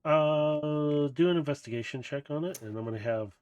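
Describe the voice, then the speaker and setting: A man's voice: a little high, normal speed, darkish tone, smooth, lo-fi sound. A man narrating as game master in a tabletop game, in a casual, rambling way.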